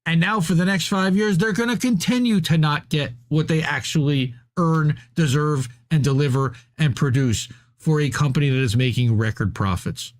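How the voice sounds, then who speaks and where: A man's voice: a little high, normal speed. A man co-hosting a podcast, ranting about labor in casual, profane, fired-up chat. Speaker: podcast co-host.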